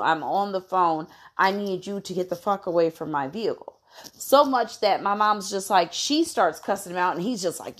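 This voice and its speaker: A woman vlogger telling a story to her viewers in a casual, animated way, blunt and full of swearing, with lots of "you know". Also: mid-range voice.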